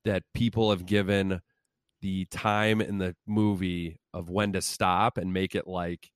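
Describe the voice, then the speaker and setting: A man with a lowish voice co-hosts a podcast, chatting in loose, rambling banter full of self-deprecating asides. The sound is dry and close, with no room echo. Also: flat delivery, unhurried, smooth. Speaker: podcast co-host.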